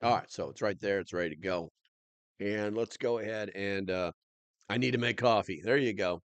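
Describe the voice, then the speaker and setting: Chatty male livestream host, lowish voice, rambles with fillers, dry close sound. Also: normal speed, dry recording. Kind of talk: casual livestream chat.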